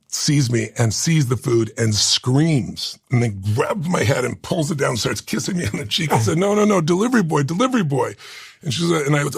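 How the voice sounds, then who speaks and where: Man, 60s, interview guest; raspy, gravelly, heartfelt personal storyteller. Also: medium pitch, no echo, clean studio sound. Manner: emotional, earnest, tells a personal story.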